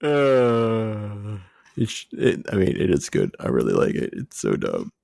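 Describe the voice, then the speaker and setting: A man co-hosting a podcast in casual chat, giggly and quick to call things dumb. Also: fairly low pitch, wildly swooping pitch, gravelly, darkish tone, no echo, studio quality. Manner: giggly, dismissive. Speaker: podcast co-host.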